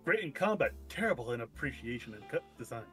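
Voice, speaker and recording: A man chiming in with quick remarks as a co-host in a casual chat. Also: medium pitch, very animated, fairly bright tone, faint music behind. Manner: quick interjections.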